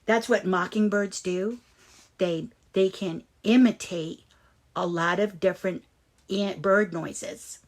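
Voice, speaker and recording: Slow, gentle children's story reader, a woman. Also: mid-range voice, steady tone. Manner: slow, explains words to children. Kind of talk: reading aloud to children.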